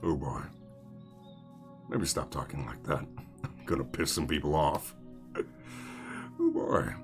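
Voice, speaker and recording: A man's voice: rumbling low, very animated, unhurried, music in the background. A man streaming a game, talking to himself in sarcastic, rambling commentary. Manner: sarcastic rambling self-talk. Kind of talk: casual gameplay commentary.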